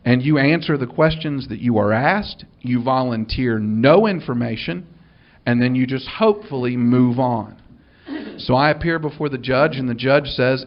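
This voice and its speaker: A man's voice: mid-range voice, moderate pace, dull audio. A man, a minister telling a funny story to an audience in a dry, wry way, acting out the dialogue.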